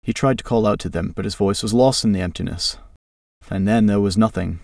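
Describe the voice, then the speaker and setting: Man, story reading, gravelly, lowish voice, dry sound, a bit far from the mic. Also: brisk, a little mellow, no room sound. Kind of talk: reading a fantasy story aloud.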